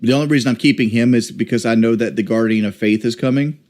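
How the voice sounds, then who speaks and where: A man's voice: mid-range voice, fast talker. Chill guy streaming, mid voice, chats at his party members while playing. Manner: relaxed, talks to his game party while planning moves. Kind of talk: casual gameplay commentary.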